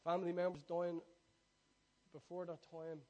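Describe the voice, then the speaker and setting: A man pastor preaching a sermon, swinging from soft confiding asides to loud shouted prayer lines for the congregation to repeat. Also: sits high, completely flat delivery, moderate pace, muffled recording. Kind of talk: sermon with call-and-response prayer.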